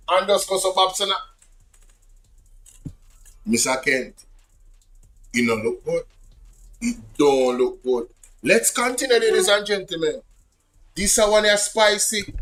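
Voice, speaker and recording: A Jamaican man with a high-pitched voice reads an official report aloud for his audience. He keeps stopping to exclaim and comment in Patois, animated and indignant. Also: rough recording. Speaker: political commentary host.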